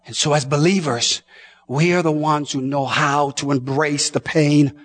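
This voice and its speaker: A man preaching a sermon with passion, swinging from shouts down to hushed tones and often repeating his words. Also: on the high side, steady tone, unhurried. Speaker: pastor.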